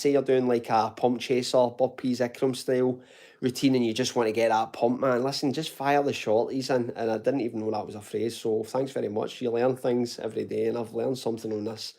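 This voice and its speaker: A man's voice: mid-range voice, gravelly, darkish tone. A man from Glasgow with a toned-down Glaswegian accent, hosting a casual live fitness Q&A at home, chatty and informal, calling viewers mate and swearing now and then. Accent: Glaswegian Scottish, toned down. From Glasgow, Scotland. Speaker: fitness channel host answering live chat.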